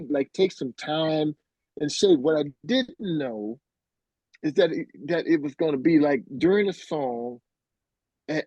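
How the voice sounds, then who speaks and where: A middle-aged man recounts a story in a relaxed, animated way, slipping into the voices of the people he quotes. His voice sits a little high, and it comes through dry and slightly muffled, like audio from a video call. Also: dry recording. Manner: animated, acts out quoted voices, fillers like "like" and "bro". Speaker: guest musician, keyboardist. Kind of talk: casual storytelling in an interview.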